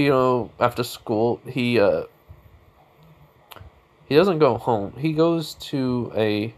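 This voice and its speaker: A man's voice: mid-range voice, darkish tone. Rambling man improvising a story. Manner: rambling, full of fillers and self-corrections. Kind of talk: improvised fan-fiction storytelling.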